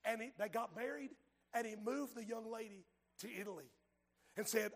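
High, gravelly preacher. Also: male voice, moderate pace. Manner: fervent, dramatic preaching that swings from hushed to shouted. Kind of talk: sermon.

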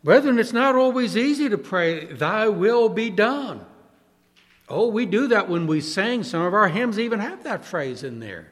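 A male pastor preaching an impassioned sermon, swinging from loud pleading to hushed, soft passages. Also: high voice, big pitch swings, normal speed, hardly any pauses, big-room sound.

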